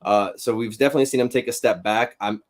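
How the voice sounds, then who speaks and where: A man giving measured, analytical commentary as a guest on a sports podcast, with frequent hesitations. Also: lowish voice.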